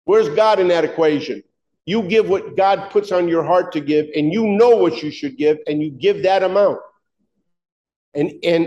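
High-voiced man preaching a sermon. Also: darkish tone, highs cut off. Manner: emphatic, conversational, full of rhetorical questions.

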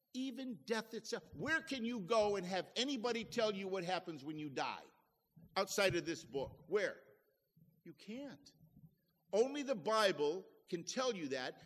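Pastor, male, higher pitch, homely chatty preaching, recorded in a church with a long echo. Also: fairly bright tone. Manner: folksy, conversational preaching with homely asides. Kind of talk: sermon.

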